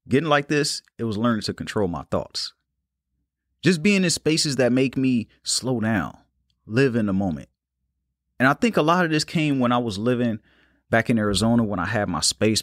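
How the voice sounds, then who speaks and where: Calm, unhurried man podcasting. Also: fairly low pitch, dry recording, clean studio sound. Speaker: podcast host. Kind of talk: casual solo podcast talk.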